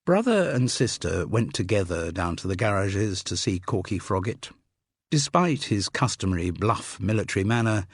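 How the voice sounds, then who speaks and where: A man narrating an audiobook in a measured, wry storytelling manner, with a slightly breathy voice. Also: fairly low pitch, no room sound. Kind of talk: scripted narration. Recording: dry close studio sound.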